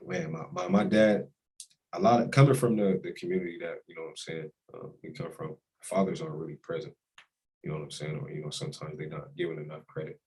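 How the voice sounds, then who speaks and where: This young adult, a college quarterback guesting on a casual interview, speaks fast with emotion and reflection, heartfelt throughout. His voice is extremely low and dark in tone, with fairly even intonation, on a rough recording.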